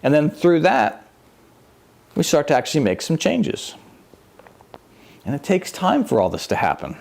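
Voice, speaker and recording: A man giving a conversational, animated sermon as a church minister, with self-mocking humor. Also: on the high side, measured pace, creaky.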